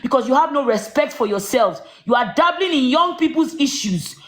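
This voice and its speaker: A woman ranting on a livestream, shouting accusations and rhetorical questions at someone. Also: sits high, expressive, moderate pace, roomy sound. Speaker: social media livestreamer. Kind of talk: angry live-stream rant.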